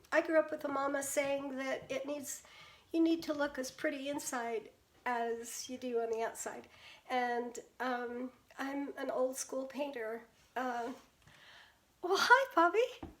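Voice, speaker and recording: A woman's voice: high voice, steady tone, slow. An older woman from the Pacific Northwest, a painter chatting casually with viewers on her live stream, greeting them by name and laughing often.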